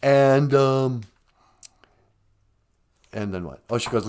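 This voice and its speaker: On a live stream, a storyteller casually tells a folk tale, rambling along with joking asides and correcting himself. His voice is medium-pitched, slow, smooth and a little mellow.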